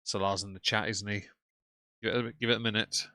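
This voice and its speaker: Sarcastic man with a bright voice. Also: on the low side, flat delivery, fairly quick, dry recording, clean studio sound. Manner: sarcastic, mocking asides. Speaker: commentary streamer. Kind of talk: livestream commentary.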